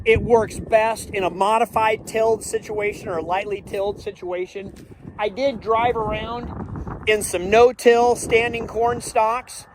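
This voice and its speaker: Middle-aged farmer guy vlogging outside, high voice, light wind and faint hum behind him. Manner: chatty, explains as he goes, drifts off topic. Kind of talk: casual outdoor farm vlog. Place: outdoors in farm fields.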